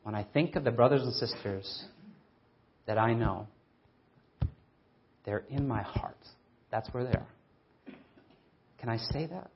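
A man preaching a sermon, earnest and emphatic, asking rhetorical questions and slowing down to stress scripture readings. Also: mid-range voice, highs cut off, a little hiss or hum.

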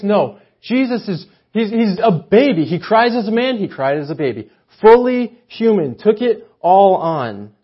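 A man preaching a casual sermon in a church, chatty and full of "like," shifting from hushed awe to loud emphasis. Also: high-pitched, husky. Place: church chapel. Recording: muffled lo-fi sermon audio.

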